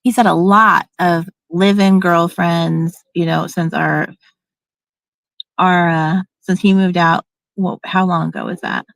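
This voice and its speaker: A woman's voice: lowish voice, fairly even intonation, takes it slowly, vocal fry, fairly bright tone, no echo, rough recording. A middle-aged woman venting casually in a rambling storytime, blunt and profane, restarting her sentences often. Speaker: vlogger.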